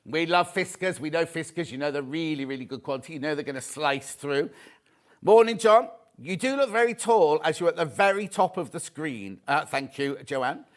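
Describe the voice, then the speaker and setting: Male live shopping-TV host, fairly high voice, chatty and camp, quick with a joke. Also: expressive. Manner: chatty, camp and jokey, reads out viewer messages. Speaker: shopping channel presenter.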